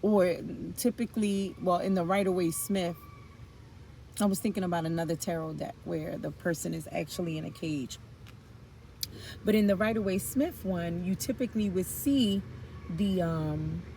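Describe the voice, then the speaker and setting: A woman's voice: medium pitch, warm tone, a little hiss or hum, poor audio. A woman giving a casual tarot reading, chatty and blunt, with frank slang and the odd swear. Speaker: tarot reader.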